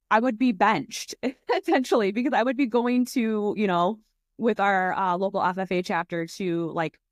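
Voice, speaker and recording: Lowish-voiced woman, chatty. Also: no echo, studio quality. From West Michigan, USA. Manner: chatty and enthusiastic, acts out quoted remarks with jumps in pitch. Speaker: guest, dairy sustainability founder. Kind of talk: casual interview chat.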